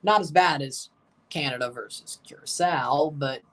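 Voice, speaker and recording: A woman's voice: sits low, a little slow, fairly bright tone, distant mic. A woman hosting a live match watchalong, chatting casually and calling the plays in short bursts.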